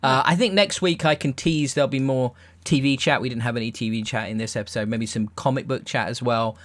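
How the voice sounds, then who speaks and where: A man's voice: medium pitch, steady tone, brisk, a bit bright. A young man hosting a casual podcast chat, jokey and rambling, often restarting his sentences. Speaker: podcast host.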